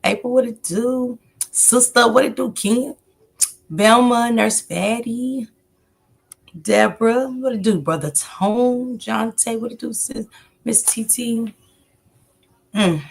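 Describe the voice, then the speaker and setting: A woman's voice: fairly high pitch, slow, vocal fry, long pauses. A woman hosting a casual livestream, greeting viewers by name and rambling loosely between comments. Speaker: livestream host.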